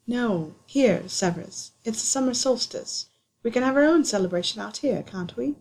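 Storybook role: eager young wizard, soft and breathy, voiced by a woman. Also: fairly high pitch, lively intonation, normal speed.

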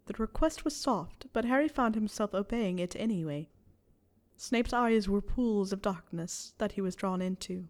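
A woman reading fan fiction aloud in a soft, steady storytelling voice. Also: mid-range voice, normal speed. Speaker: reader.

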